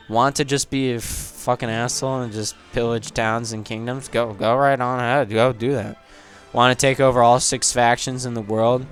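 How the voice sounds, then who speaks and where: A man giving casual game commentary, rambling and joking with plenty of swearing. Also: mid-range voice. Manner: rambling, jokey and profane. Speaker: game video essayist.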